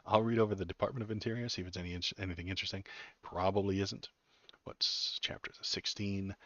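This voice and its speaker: A low-voiced political livestream host rants with sarcastic disgust and jokes with his chat in a casual stream. His voice is close and dry with no room sound. The audio comes across a bit dull and muffled, yet also a bit bright.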